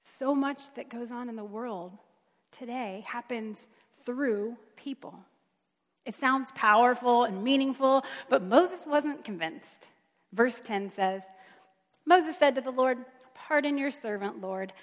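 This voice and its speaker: A woman's voice: fairly high pitch, slow. Woman preaching in a reverberant hall. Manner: emphatic, conversational preaching. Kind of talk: sermon.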